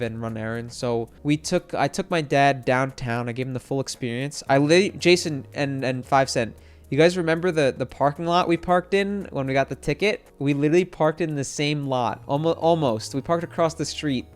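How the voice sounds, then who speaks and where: A young man streaming, telling a rambling casual story with many fillers and swearing. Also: medium pitch.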